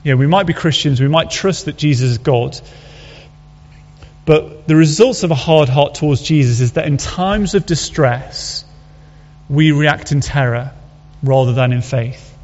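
Man, earnest conversational sermon, slightly high voice, long hall reverb, dull audio. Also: measured pace, a little mellow. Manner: earnest, conversational preaching with restarts and rhetorical questions. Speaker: pastor.

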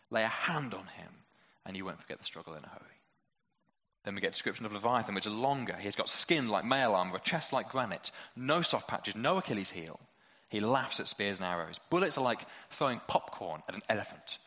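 A man's voice: medium pitch, big pitch swings, fast talker, pushed and bright, long reverb tail. Male preacher, chatty sermon, playful rhetorical questions, dull recording. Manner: conversational, lots of rhetorical questions, playful asides.

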